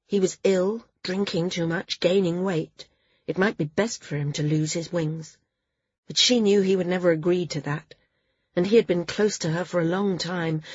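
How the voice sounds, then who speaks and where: A woman narrating a novel in an even, measured way. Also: on the low side, husky, no room sound, dull audio. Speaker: audiobook narrator. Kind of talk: scripted narration.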